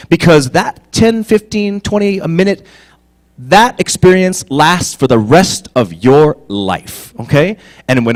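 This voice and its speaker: A man telling stories as a guest on a convention fan panel, animated and laughing, swinging from low murmurs to loud bursts. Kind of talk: casual storytelling on a fan panel.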